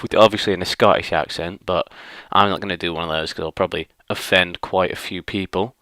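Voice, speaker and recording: Man, vlog rant, low smooth voice, dry close mic, rambling and fed up. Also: brisk, few pauses, pushed and bright, dry recording. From northwest England. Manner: grumbling and exasperated, rambling with many fillers. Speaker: vlogger. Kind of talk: casual ranting monologue.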